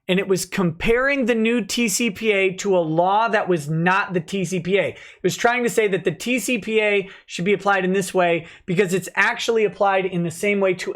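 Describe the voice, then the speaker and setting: A man in his thirties, a lawyer host reading court filings aloud and commenting, rushing through citations and slowing down hard to stress his points. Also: high-pitched, fairly bright tone. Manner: reads citations fast, then slows to stress points; stumbles and self-corrects on case names.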